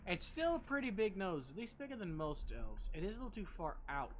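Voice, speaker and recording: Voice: medium pitch, very animated, brisk, a little hiss or hum. A game streamer giving casual, joking commentary with plenty of swearing and self-deprecating asides.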